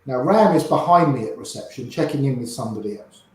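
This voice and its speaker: An older man, a poker player, telling old stories in an animated way and quoting people in quick little voices. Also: medium pitch. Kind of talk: anecdotal storytelling. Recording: very echoey room.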